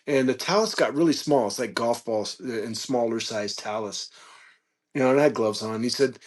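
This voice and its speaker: A man guest on a podcast, telling a casual story with animated peaks and frequent fillers. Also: mid-range voice, moderate pace. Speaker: podcast guest, reptile keeper.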